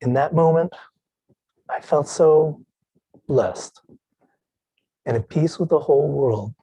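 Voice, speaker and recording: A man giving a dramatic storytelling speech at a contest, expressive, with drawn-out pauses and hushed tender passages. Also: on the high side, husky, no echo, rough recording. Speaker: contest speaker.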